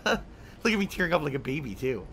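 Male gameplay commentator, excitable and ranting, fairly high and very lively voice. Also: fairly quick, faint music behind. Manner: excitable, laughing, ranting, mock-outraged.

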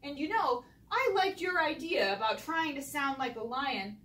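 A woman pastor leading a children's Bible lesson, speaking gently and encouragingly, slowly and clearly. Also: sits high, sing-song. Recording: roomy sound from a distant mic.

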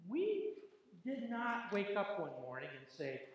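A man's voice: high voice, huge pitch swings, measured pace, highs cut off. A man giving casual church announcements in a folksy, joking manner from the front of a large sanctuary, with plenty of ums and uhs. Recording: very echoey church hall, faint noise.

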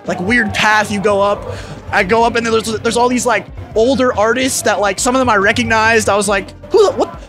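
Young male musician guest with a high voice, loose slangy storyteller, swears freely, soft music underneath. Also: fairly even intonation, brisk. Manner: laid-back, filler-heavy slang with frequent "like" and swearing. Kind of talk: casual storytelling in an interview.

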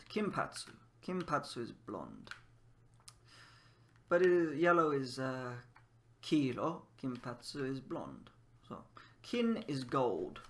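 A man's voice: medium pitch, a little hiss or hum. A man with a mid-range voice gives a casual gaming lesson. He is playful and laughs often, and he drills words over and over. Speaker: language teacher.

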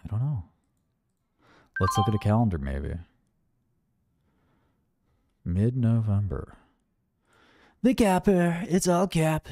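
A man's voice: medium pitch, sing-song, measured pace, pauses often, darkish tone, dry recording. Sarcastic man rambling on a dry stream. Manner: sarcastic, mocking, digressive. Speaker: livestreamer commenting on markets. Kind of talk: rambling casual livestream commentary.

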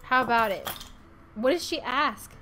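A woman streamer giving casual let's-play commentary, chatty, reacting loudly and laughing often. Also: on the high side, animated, normal speed, a little hiss or hum.

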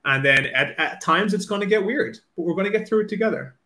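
An Irish author, a man from Ireland, talks casually and nervously, putting himself down and filling his speech with "like" and restarts before moving on to reading aloud. His voice sits high, with lively intonation and a quick pace. The sound is pushed and bright, in an echoey room.

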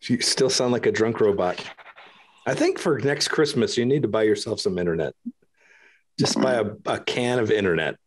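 A man on a podcast panel tossing in quick, teasing jokes. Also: on the low side, expressive, slight background noise. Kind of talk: casual panel chat.

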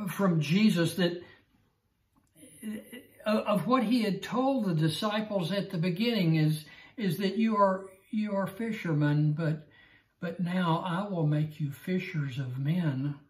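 A man's voice: sits high, a little slow. A man teaching a Bible lesson in an earnest way, often stammering and repeating himself. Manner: earnest, repetitive, stammering restarts. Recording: roomy echo.

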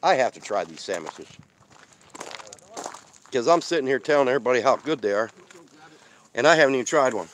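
A man's voice: medium pitch, expressive, fairly quick, long pauses, slight background noise. Chatty man live-streaming from a desert camp. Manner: chatty, rambling, reads out viewer comments; talks while eating. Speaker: van-life vlogger hosting a live stream. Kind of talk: casual live-stream chat. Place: outdoors at a desert campsite.

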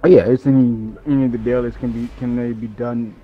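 A man chatting with his friend about a video game they are playing, relaxed and easygoing. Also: mid-range voice, a little fast, narrow, tinny audio, faint music behind. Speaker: gaming friend. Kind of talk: casual gaming chat.

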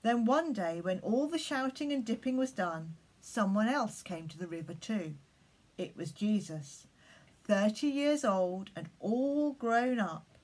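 Slow, husky-voiced woman leading children's worship. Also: medium pitch, animated. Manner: gentle, slow storytelling for children. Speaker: leader of school collective worship. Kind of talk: children's worship and story reading.

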